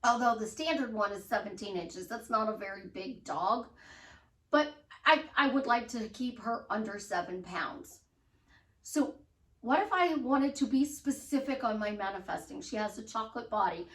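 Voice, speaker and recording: A woman with a high voice gives a bubbly motivational talk as a life coach. She acts out excited affirmations as she goes. Her voice sits a little back from the mic in a roomy, echoing space. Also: normal speed, far from the mic.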